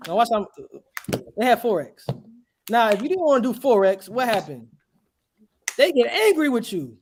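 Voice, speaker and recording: A man preaching with a lively, swooping voice that jumps high and drops low. He fires off rhetorical questions and waits for agreement. His delivery is emphatic and insistent. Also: normal speed, long pauses. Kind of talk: street sermon.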